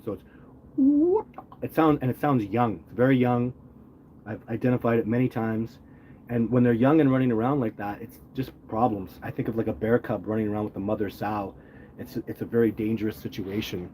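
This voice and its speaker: Middle-aged guy rambling thru chat questions on a phone livestream, lowish voice, bit of hiss behind. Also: mellow. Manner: rambling, earnest, many restarts. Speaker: livestream host answering chat. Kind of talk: casual live chat. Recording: faint background noise.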